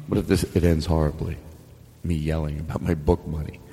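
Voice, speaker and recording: A man's voice: a bass voice, fairly even intonation, normal speed, gravelly, big-room sound, a crowd in the background. A man hosting a podcast, rambling through a silly, mock-grand sign-off with swearing asides. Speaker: podcast host.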